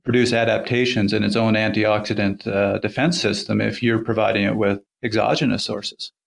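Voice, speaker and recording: A man's voice: on the low side, steady tone, normal speed, vocal fry. A man explaining research findings plainly in a podcast chat.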